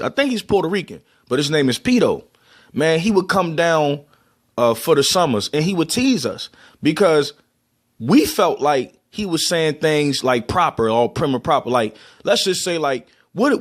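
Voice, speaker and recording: A man from Baltimore with a Baltimore accent, casually explaining and demonstrating how words are pronounced, with loose restarts. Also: a little high. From Baltimore, USA. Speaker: vlogger.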